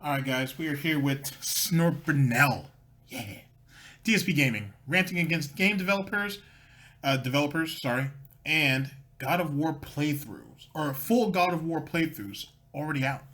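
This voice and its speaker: A man's voice: on the high side, lively intonation, normal speed, a bit bright. Sarcastic man hosting a mocking commentary. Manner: sarcastic, needling, rambling. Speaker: commentary host.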